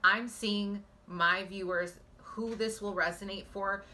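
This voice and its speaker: A woman's voice: medium pitch, steady tone, takes it slowly, pushed and bright. A woman giving a pick-a-card psychic reading on her phone, talking earnestly and emotionally straight to her viewers. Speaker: psychic tarot reader.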